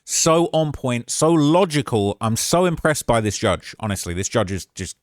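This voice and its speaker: Brief: male commentator, casual and emphatic, mid-pitched voice, dry close recording. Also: sing-song, moderate pace, dry recording. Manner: emphatic and conversational, with frequent "all right?" asides. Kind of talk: casual commentary on a court case.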